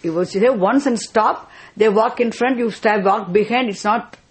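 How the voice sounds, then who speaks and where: A woman's voice: a little high, normal speed, slightly rough. A woman teaching scripture, explaining a chanted verse word by word and patiently repeating key terms.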